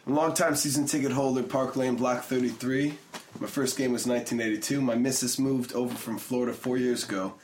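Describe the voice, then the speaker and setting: A man's voice: medium pitch, steady tone, a little fast, darkish tone, a little hiss or hum. A man on a casual football podcast, reading a listener's email aloud. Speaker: podcast co-host.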